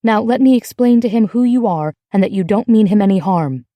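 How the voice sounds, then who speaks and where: A woman's voice: mid-range voice, fairly quick, dry recording, natural voice. Woman reading a cautious, protective woman. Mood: calm. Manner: steady, calm, explaining. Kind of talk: audiobook character voice.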